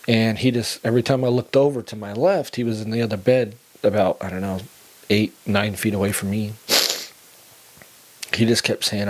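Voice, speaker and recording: A man's voice: level tone, moderate pace. Man telling a story casually. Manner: conversational, laughs between lines, drops low and quiet in somber parts.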